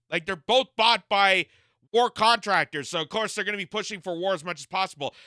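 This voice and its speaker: Bright, lively young-sounding man ranting. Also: high voice, dry recording. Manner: mocking, incredulous, laughs often. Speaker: political commentary host. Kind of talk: ranting reaction commentary.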